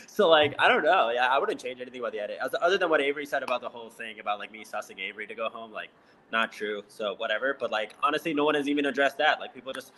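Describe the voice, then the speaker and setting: A man's voice: mid-range voice, rapid-fire, pushed and bright, a little hiss or hum. A man, a reality show contestant, chatting casually in an interview, laughing often and filling his talk with "like". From Indian heritage.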